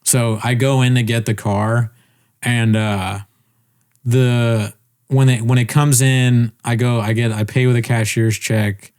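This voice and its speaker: Brief: male podcast co-host, mid-pitched, animated storyteller who swears and laughs a lot. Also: measured pace. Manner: animated storytelling, acts out quoted people; swears casually, laughs often. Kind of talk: casual chat.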